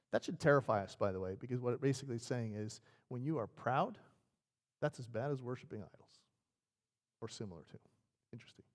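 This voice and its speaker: A man's voice: mid-range voice, fairly quick, pauses often. A male pastor preaching a sermon in a conversational, storytelling way. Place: church sanctuary. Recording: reverberant church sanctuary.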